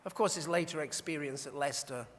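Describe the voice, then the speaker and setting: A man's voice: on the high side, fast talker, fairly bright tone, slight background noise. A man presenting an award at a dinner, telling wry anecdotes in an after-dinner speech, recorded in a large banquet hall. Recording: reverberant hall.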